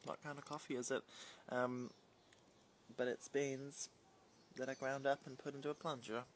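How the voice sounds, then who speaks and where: A chatty New man talking into his phone from home on a relaxed livestream. His voice carries a gravelly fry, and a faint hum sits behind him. He rambles easily and reads out comments as they come in. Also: medium pitch, moderate pace. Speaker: livestream host. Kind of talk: casual live-stream chat.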